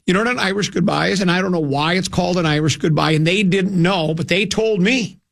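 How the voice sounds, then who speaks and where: A man's voice: sits high, fast, creaky, a bit bright, no echo, clean studio sound. An older man from hosting a radio show, telling a rambling, self-mocking anecdote with many restarts. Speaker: radio host.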